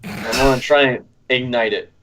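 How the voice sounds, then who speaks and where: A man playing a tabletop game, speaking slowly and deliberately and asking about the rules before he acts. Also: mid-range voice, steady tone, a bit bright, slight background noise. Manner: slow, deliberate, asks rules questions. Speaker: player. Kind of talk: casual tabletop play.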